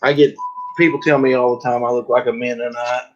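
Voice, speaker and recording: A man's voice: mid-range voice, level tone, brisk, muffled recording, slight background noise. A man hosting a casual livestream while packing books, chatting loosely and joking with viewers and a guest. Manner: joking, rambling, breaks into laughter. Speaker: livestream host. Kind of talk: casual live-stream chat.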